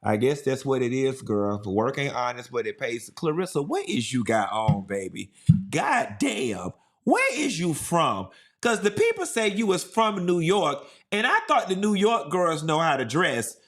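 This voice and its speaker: A man's voice: on the high side, unhurried. Sassy man doing live gossip commentary. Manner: sassy, animated, repeating for emphasis. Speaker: livestream host.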